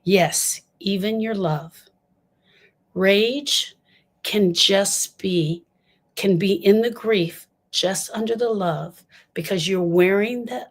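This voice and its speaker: An older woman giving an impassioned talk on grief, emphatic and repeating lines for stress as she speaks straight to her listeners. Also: mid-range voice.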